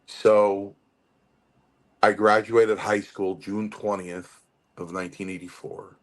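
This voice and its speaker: A man with a very low, deep voice spins old stories from the ring in an interview. He tells them with many restarts and slips into the voices of the people he quotes. He sounds like someone in his late fifties looking back on his early days. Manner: animated storyteller with many restarts and acted-out quotes. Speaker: retired pro wrestler, podcast guest. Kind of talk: storytelling interview.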